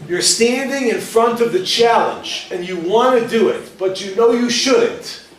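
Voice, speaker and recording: A man's voice: very high-pitched, unhurried, slight background noise. A male rabbi teaching a class to a live audience, joking and firing questions at the listeners. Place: lecture hall with audience. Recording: roomy, distant mic, faint ambience.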